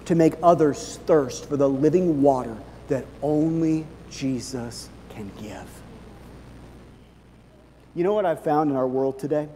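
A man preaching a sermon as pastor, animated and swinging from hushed to loud. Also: on the high side, slight background noise. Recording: long reverb of a large hall.

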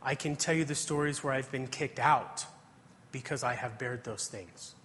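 A man's voice: medium pitch, normal speed, fairly bright tone, slight background noise. A man preaching a testimony sermon, telling his story earnestly and reading scripture aloud. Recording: hall reverb.

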